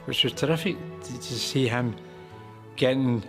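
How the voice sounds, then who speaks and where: A man's voice: mid-range voice, moderate pace, music in the background. A man in a documentary interview speaking emphatically. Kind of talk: interview recollection.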